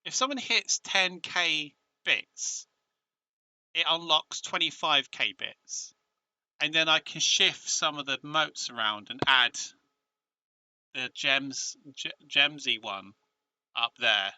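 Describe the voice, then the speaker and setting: A man with a British accent chatting casually on a live stream, excitable and emotional, often restarting his sentences. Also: fairly high pitch, slow pace, no room sound.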